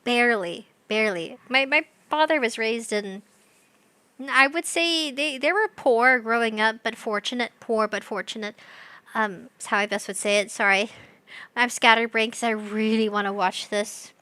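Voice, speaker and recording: Young woman, high voice, giggly, scatterbrained live-stream chatter, dry close mic. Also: moderate pace, pushed and bright, clear, resonant tone, no echo. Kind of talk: casual live-stream chat.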